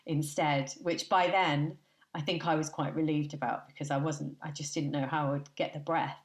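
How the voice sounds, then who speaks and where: A woman guest on a podcast, telling lively anecdotes in a chatty way and laughing often. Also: sits low, normal speed, reverberant. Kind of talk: chatty storytelling.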